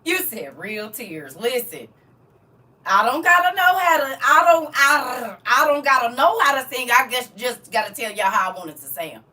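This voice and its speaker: High, bright-voiced teasing woman streamer. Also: big pitch swings, moderate pace, far from the mic. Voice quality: self-described croaky frog voice. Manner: teasing, laughing, talks to viewers as y'all. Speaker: livestream host. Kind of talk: casual livestream chat.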